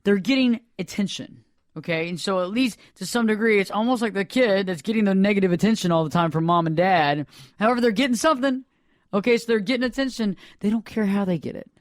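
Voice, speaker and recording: A man who is a therapist and podcast host, explaining in a rambling, animated way in casual radio talk. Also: high-pitched, quick pace, no echo, clean studio sound.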